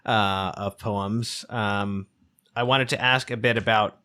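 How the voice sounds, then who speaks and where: A man hosting a podcast, putting careful, measured questions to a guest. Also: lowish voice, fairly even intonation, pushed and bright, smooth. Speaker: podcast host, interviewer. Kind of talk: interview questions.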